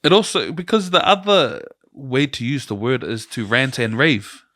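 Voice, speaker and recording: A New Zealand man in casual podcast talk, easygoing and chatty with frequent laughs. His voice sits at a middle pitch. The recording is dry and close, with no room sound. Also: moderate pace, no echo. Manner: relaxed, storytelling, laughs often. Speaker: podcast co-host. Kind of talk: casual chat.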